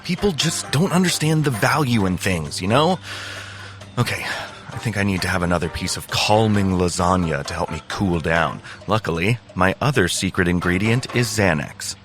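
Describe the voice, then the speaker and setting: A man's voice: sits low, animated, normal speed, a bit bright. A man hosting a podcast, giving a playful, jokey introduction. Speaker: podcast host. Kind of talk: scripted comic intro.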